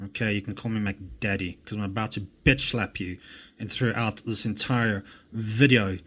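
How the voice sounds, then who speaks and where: Reacting to a recording, this South African host, who has an English-speaking South African accent, rants with anger, mockery and heavy swearing. His voice is fairly low and steady, with a fairly bright tone and moderate pace.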